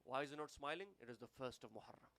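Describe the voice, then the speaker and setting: A man with a British accent delivering a sermon, building to emphatic peaks and then falling to hushed, solemn tones. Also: mid-range voice, fast talker, creaky. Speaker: preacher.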